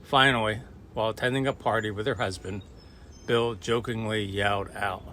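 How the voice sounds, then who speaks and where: A man telling jokes as short stories, acting out the characters' lines in a lively way. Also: lowish voice, normal speed, slight background noise. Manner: animated, acts out the quoted voices. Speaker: joke teller. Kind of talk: storytelling jokes.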